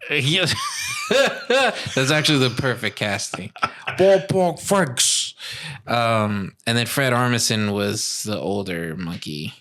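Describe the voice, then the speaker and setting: A man with a bright, tense-edged voice at a middling pitch co-hosts a podcast. He talks in a laid-back, casual way and laughs easily. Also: sing-song, a little slow. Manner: laid-back, laughs often, puts on mock Italian accents. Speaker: podcast co-host. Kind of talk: casual chat.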